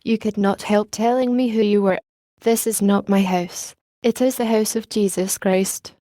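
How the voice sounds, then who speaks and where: A woman reading the part of a gentle, grave elderly bishop in an audiobook, speaking in a polished, kindly way. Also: mid-range voice, steady tone, normal speed, no echo, clean studio sound, close to an everyday voice.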